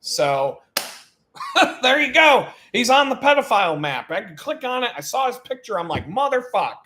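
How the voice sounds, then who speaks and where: A man telling stories on a live stream, animated and profane, breaking into laughs. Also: extremely high pitch, moderate pace. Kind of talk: casual storytelling on a live stream.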